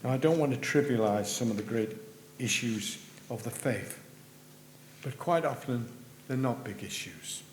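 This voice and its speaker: A man preaching a sermon in a church, earnest, rising for emphasis and dropping low at the ends of phrases. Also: animated, a little slow. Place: church sanctuary. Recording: roomy church with faint hum.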